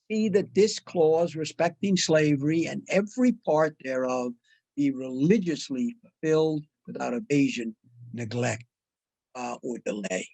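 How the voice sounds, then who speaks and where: An older man giving a measured, deliberate history lecture, with frequent "uh" fillers. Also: a little high, a little mellow, no echo, rough recording. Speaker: guest lecturer. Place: online talk.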